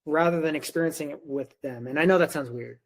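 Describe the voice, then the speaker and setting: A man's voice: a little high, fast talker. A man talking casually as a podcast guest, telling a personal story and acting out what other people said. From Korea. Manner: animated storyteller who acts out quoted dialogue. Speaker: podcast guest, nutrition coach. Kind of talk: casual conversation.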